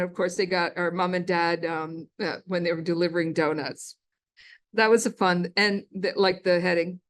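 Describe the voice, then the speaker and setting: A woman in her sixties giving a casual storytelling lecture at a museum, chatty and quick to laugh. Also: on the low side. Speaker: guest lecturer, former ship's cook. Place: lecture hall.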